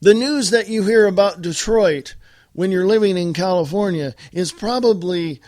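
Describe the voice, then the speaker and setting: Male podcast host, American, high voice, combative monologue, dry close sound. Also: moderate pace, darkish tone, no echo. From United States. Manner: blunt and combative, addressing listeners directly. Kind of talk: political talk monologue.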